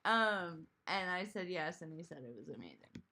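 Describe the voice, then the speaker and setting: A woman's voice: on the low side, animated, moderate pace, sharp tone, slight background noise. A woman hosting a live stream, chatting casually and rambling as she answers comments from chat. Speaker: streamer host.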